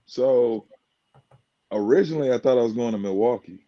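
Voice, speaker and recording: A man, a former pro basketball player from the United States, telling stories in a casual podcast chat, animated and quick to laugh. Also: mid-range voice, dull audio. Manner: animated, acts out quotes, laughs often.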